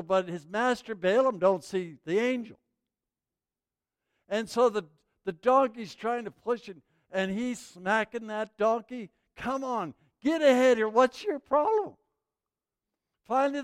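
A man preaching a sermon as the pastor, telling stories in an animated way. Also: high-pitched, a little slow, clean tone, no echo.

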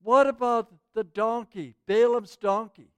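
A man preaching a sermon as the pastor, telling stories in an animated way. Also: very high voice, a little slow, smooth, no room sound.

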